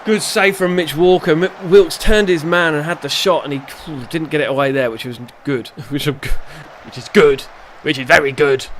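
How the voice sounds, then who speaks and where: This man's pitch is fairly high and his intonation fairly even, moving at a moderate pace with few pauses over slight background noise. A gaming YouTuber, he gives rambling, casual let's-play commentary, reacting to the match aloud and teasing himself.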